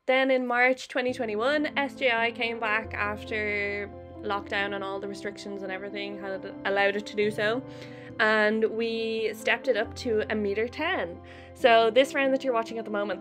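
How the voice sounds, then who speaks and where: A young Irish woman in a chatty, heartfelt vlog voice-over, with lots of "like" fillers. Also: medium pitch. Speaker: channel host. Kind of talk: casual vlog voice-over narration. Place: voice-over over riding footage. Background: background music.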